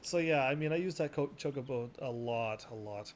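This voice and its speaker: A man casually commentating while he plays a game, rambling and quick to laugh at it, with game music behind him. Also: medium pitch, a little hiss or hum. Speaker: gaming video host. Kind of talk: casual let's-play commentary.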